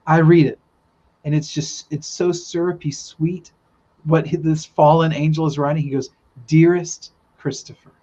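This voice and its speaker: An earnest man tells a spiritual story in loose, rambling podcast talk, often restarting his sentences. His voice sits a bit high for a man. The recording is dull and lo-fi. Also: level tone, normal speed, warm tone. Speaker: guest telling a spiritual vision. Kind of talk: casual storytelling in a podcast chat. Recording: dull lo-fi sound.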